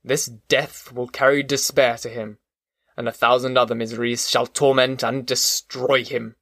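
Man doing a cold vengeful creature, slow deliberate menace, mid-pitched, dry close read. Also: little pitch movement, a bit bright, no echo, lightly acted. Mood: grim, vengeful. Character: vengeful grown male creature, bitter and cold.

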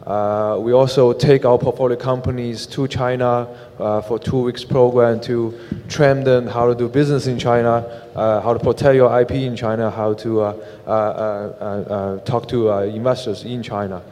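A man who directs an angel investment group, speaking on a panel in a halting way with many "uh" fillers. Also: medium pitch, steady tone, dark tone. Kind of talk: panel discussion. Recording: long hall reverb.

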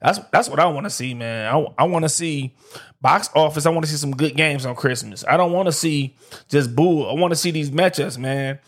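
Brisk and on the high side, this Detroit, USA podcast host chats solo about sports, slangy and relaxed, frequently saying "like I said" and "man." It's streamed live on camera.

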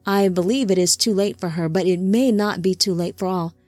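A woman voicing a remorseful male angelic being who speaks formally and gently. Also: mid-range voice, dry recording, soft background music, lightly acted. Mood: solemn. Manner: formal, measured.

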